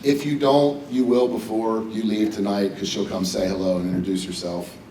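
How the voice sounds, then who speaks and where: A middle-aged man from West Virginia, USA, jokes his way through a personal hall of fame acceptance speech at a podium, addressing an audience in a banquet hall. His lowish voice shows little pitch movement and a moderate pace. Recorded from a distance in an echoey hall, he's slightly off mic against a noisy background.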